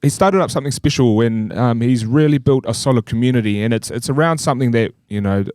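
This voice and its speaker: A man's voice: mid-range voice, quick pace, darkish tone, no echo, clean studio sound. A New Zealand man hosting a podcast, talking casually with lots of hesitation. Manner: hesitant, filler-heavy. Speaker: podcast host. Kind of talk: casual chat.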